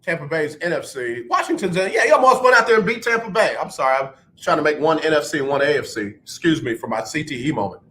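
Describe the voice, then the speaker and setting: A man hosting a radio show, talking sports in an animated, rambling monologue and poking fun at his own slips. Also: fairly high pitch, quick pace, few pauses. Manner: animated, rambling, self-mocking.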